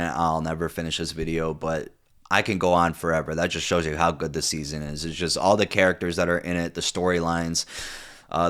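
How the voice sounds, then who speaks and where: Deep-voiced rambling profane young man. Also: a bit bright. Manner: rambling, profane, many fillers and restarts. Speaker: TV show reviewer. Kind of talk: casual unscripted commentary.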